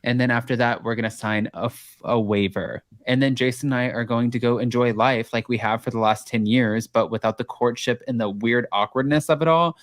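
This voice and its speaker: A man co-hosting a casual podcast chat, telling jokey stories in an animated, profane way. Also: medium pitch, a little fast, hardly any pauses, no echo, studio quality. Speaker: podcast co-host.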